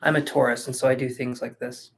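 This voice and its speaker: A man's voice: mid-range voice, steady tone, brisk, creaky. A man giving a live-streamed tarot reading, chatting casually and thinking aloud with fillers, sleepy and yawning. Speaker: tarot reader.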